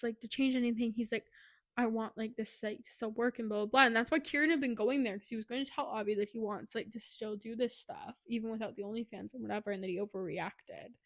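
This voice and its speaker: A chatty woman with a slightly high voice recaps a book for her co-host. She rambles, drops "like" into nearly every phrase, and slips into quick snippets of the characters' dialogue. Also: fairly bright tone, dry recording, studio quality. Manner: rambling retelling full of "like", acting out quotes. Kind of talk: casual book recap chat.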